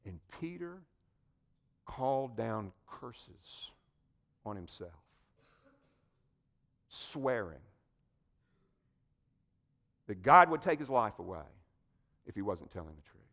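A man preaching a sermon, telling the story in an animated way and addressing his listeners directly. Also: mid-range voice, drawn-out words, gravelly, long pauses. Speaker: pastor.

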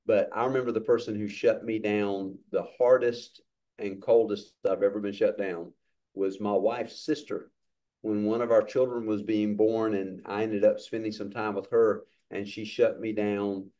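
A man's voice: on the low side, level tone, moderate pace, mellow. A man leading a church discipleship class over a video call, upbeat and encouraging.

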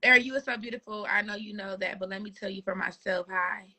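Bright-voiced young woman, teasing softly. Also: fast. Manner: teasing, laughing, low-key. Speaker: friend on the livestream. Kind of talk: casual chat on a livestream. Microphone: phone on a live video call.

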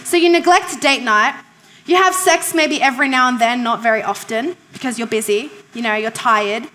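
A woman pastor with a high, bright voice delivers a sermon. She talks to the congregation like a friend, asks them questions and repeats her main points for emphasis. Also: moderate pace. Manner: repeats key phrases for emphasis.

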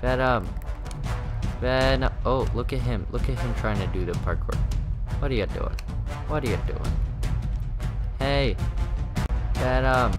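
Teen boy, gaming host, mid-pitched, rambling and excitable, faint game music behind. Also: a little slow, long pauses. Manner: rambling, lots of fillers, excitable. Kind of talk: casual gameplay commentary.

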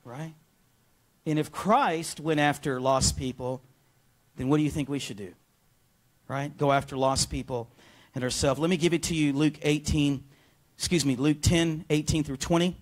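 A man preaching a sermon as pastor in a church, energetic and often calling out to the congregation for a response. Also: fairly high pitch, normal speed, pauses often. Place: church sanctuary.

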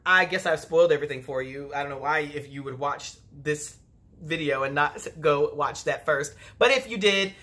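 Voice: medium pitch, normal speed, sharp tone, a little hiss or hum. A vlogger giving a casual, gossipy episode recap, chatty and opinionated, full of "you know" and "like". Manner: sassy and opinionated.

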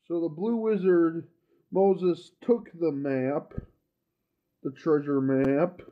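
A man's voice: fairly high pitch, fairly even intonation, takes it slowly, narrow, tinny audio. A man making casual, joking asides while dubbing his own comic. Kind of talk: casual asides between voices.

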